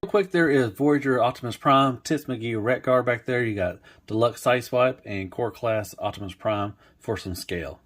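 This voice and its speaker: A young man talks through a toy in a loose, laid-back ramble, leaning on fillers and restarts as he goes. His voice sits at an ordinary middle pitch for a man, and his tone stays casual. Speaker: toy reviewer.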